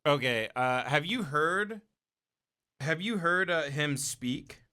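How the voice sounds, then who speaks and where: A man's voice: on the high side, expressive, takes it slowly, sharp tone, no room sound, studio quality. A man co-hosting a podcast in casual chat, curious and reactive, swearing easily. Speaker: podcast co-host.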